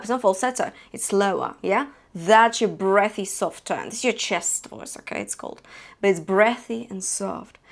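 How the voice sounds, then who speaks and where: Woman teaching singing, sings demo lines. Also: medium pitch. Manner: explains and sings short demos, checks in with "yeah?". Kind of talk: online vocal lesson.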